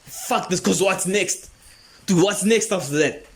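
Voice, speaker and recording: A man's voice: high voice, unhurried, slight background noise. A man hosting a comedy podcast, telling a rambling, profane story and laughing often. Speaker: podcast host.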